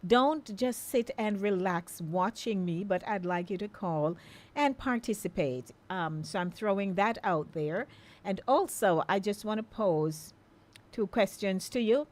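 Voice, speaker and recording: A woman's voice: medium pitch, expressive, measured pace, dry recording. A middle-aged Jamaican woman hosting a live call-in radio show, chatting in a coaxing, friendly way and inviting listeners to phone in.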